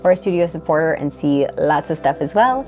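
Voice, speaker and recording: A woman's voice: sits low, animated, fairly quick, mellow, faint music behind. Chatty woman in a tiny art studio. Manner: chatty, rambling, with frequent "like" fillers. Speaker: artist and channel host. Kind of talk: casual chatty studio tour vlog. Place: small tiny-house art studio, indoors.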